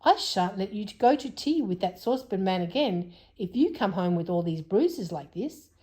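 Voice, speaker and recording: Woman doing cross storybook parents, raised and emphatic, mellow and a bit husky. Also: medium pitch, lively intonation, normal speed. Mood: scolding. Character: worried hard-up mother and cross father.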